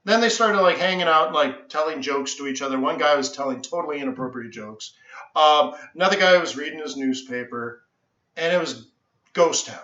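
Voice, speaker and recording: A man hosting a live trading stream, telling an animated story and acting out the voices of the people in it. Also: fairly high pitch, a little fast, echoey room, highs cut off. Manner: excitable, acts out other people's voices, lots of restarts. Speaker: trading educator and host.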